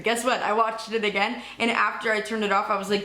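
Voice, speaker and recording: A young woman vlogging in a casual, rambling, excitable way, cursing now and then. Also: mid-range voice, fairly quick, few pauses, roomy sound. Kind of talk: casual chat.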